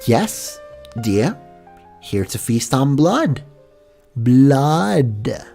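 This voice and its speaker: A man voicing a haughty vampire mare in a stiff put-on British accent, speaking slow and clear as if to a fool. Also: mid-range voice, big pitch swings, mellow, soft background music, pitched above the performer's own voice, heavily acted. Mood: commanding.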